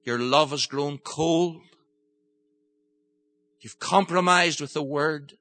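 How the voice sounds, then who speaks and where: An older man preaching a sermon, impassioned, moving from gentle storytelling to forceful pleading. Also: on the high side, takes it slowly.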